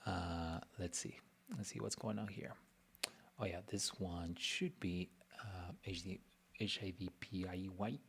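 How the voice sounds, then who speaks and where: Slow, low-voiced man muttering as he designs. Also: gravelly. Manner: mutters to himself, chatty, self-teasing. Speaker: web designer streaming his work. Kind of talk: casual live design walkthrough.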